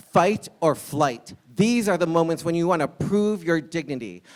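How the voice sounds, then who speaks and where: Wry man telling a candid story, fairly high voice. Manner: candid, wry comic delivery with punchlines. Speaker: storyteller and restaurant server. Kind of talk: live personal storytelling.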